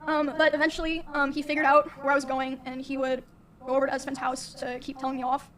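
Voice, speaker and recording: Young woman, high and fairly flat voice, soft-spoken, halting, recounting her own story with many fillers. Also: a little hiss or hum. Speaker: streamer.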